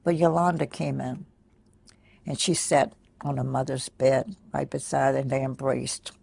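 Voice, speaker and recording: An older woman quietly recounting a personal memory in a soft, halting way with many pauses. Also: extremely low pitch, level tone, gravelly, breathy edge, no room sound. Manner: soft-spoken, pausing, many fillers. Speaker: interviewee. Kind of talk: personal recollection.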